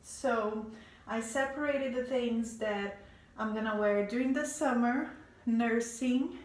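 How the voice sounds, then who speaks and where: A pregnant stylist talks through her clothes in a slow, meandering way, pausing on ums and breathing a little hard. Her voice sits slightly high. The sound is roomy and echoey, with the mic some distance off. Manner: slow, rambling, many ums and restarts. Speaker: fashion stylist vlogger. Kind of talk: casual closet tour.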